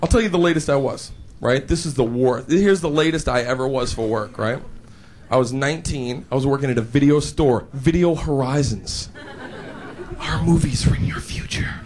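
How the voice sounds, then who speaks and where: A young man performing a stand-up comedy routine, animated and quick to slip into put-on voices for the characters in his stories. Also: medium pitch. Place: stage before a live audience. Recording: live show with loud crowd laughter and noise.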